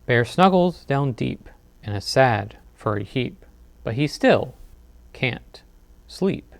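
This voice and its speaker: A man reading picture books aloud as a librarian at a bedtime storytime, expressive with dramatic pauses. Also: medium pitch, creaky, no echo. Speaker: children's librarian.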